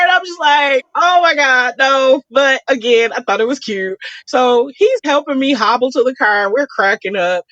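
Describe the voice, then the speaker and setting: A woman co-hosting a podcast, telling a funny date story in casual chat and acting out each quote with big jumps in pitch. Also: lively intonation, normal speed, hardly any pauses, a bit bright, dry recording, dull audio. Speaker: podcast co-host.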